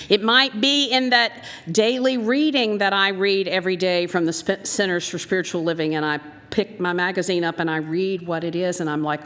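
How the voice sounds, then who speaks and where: A woman with a mid-range, slightly bright voice and a Southern American accent preaches a sermon as a minister, animatedly telling stories and acting out the voices she quotes. She is in a church sanctuary, and the recording has a long hall reverb.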